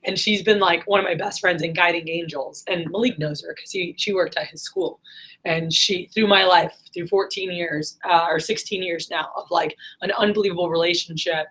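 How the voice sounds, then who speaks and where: Woman, thirties, casual vlog monologue, rambling, candid, lots of fillers, tense bright tone. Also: lowish voice, fairly even intonation, normal speed, husky. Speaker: vlogger.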